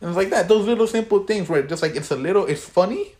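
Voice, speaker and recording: A man's voice: high voice, lively intonation, quick pace, a little mellow. A teenage boy co-hosting a podcast, chatting casually, swearing a lot and getting worked up as he rambles. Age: teens. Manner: profane, rambling, gets worked up. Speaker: podcast co-host. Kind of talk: casual chat.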